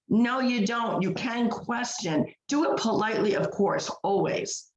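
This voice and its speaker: Speaking at normal speed in a mid-range voice, this woman barely pauses as she tells a story while co-hosting a podcast. Her casual chat is emphatic and packed with fillers and restarts, captured in an echoey room.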